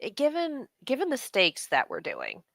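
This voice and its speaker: A woman's voice: on the high side, huge pitch swings, normal speed, fairly bright tone, no echo. A woman co-hosting a casual fan chat show, joking and speculating with enthusiasm. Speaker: podcast co-host.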